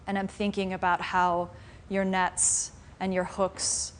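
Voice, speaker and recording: A woman voicing a compassionate male deer leader in a fable, speaking softly and pleadingly. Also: medium pitch, completely flat delivery, takes it slowly, close to an everyday voice. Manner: soft, pleading, heartfelt. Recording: faint room noise in a live class.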